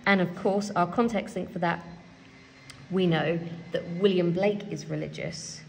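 A woman leads an English revision tutorial, talking her students through her notes as she writes. Her voice sits low and mellow, with a gravelly fry, and she thinks aloud with plenty of ums as she reads from a help sheet. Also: unhurried, slight background noise. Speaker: English teacher. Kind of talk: revision tutorial while writing.

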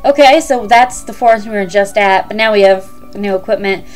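A woman's voice: medium pitch, a little fast, faint music behind. A young woman hosting a let's play, chatting casually with many ums. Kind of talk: casual game commentary.

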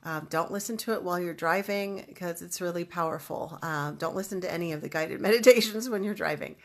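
Low-voiced woman guiding an energy practice. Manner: slow, soothing, emphatic declarations. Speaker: spiritual teacher. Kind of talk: guided energy practice instruction. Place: home, livestreamed online event. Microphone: webcam or computer mic.

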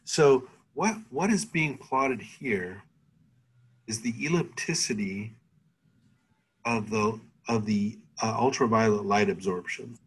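Husky, low-voiced man lecturing hesitantly. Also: takes it slowly, low-quality recording. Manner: hesitant, thinking aloud with many fillers. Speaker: chemistry lecturer. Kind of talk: university lecture over a video call. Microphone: computer mic on a video call.

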